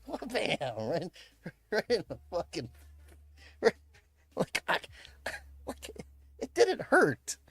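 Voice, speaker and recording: A young man from the Chicago area, USA, tells a story casually on a livestream, cursing a lot, laughing often and throwing in "bro" and "man." His voice is high with huge pitch swings, a slow pace and frequent pauses. The tone is a bit bright with a breathy edge.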